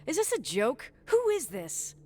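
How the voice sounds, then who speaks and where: A woman's voice: sits high, wildly swooping pitch, a little slow, crowd noise, exaggerated voice. An actress playing a guarded young woman who speaks tersely and suspiciously. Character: guarded young woman back at family hotel.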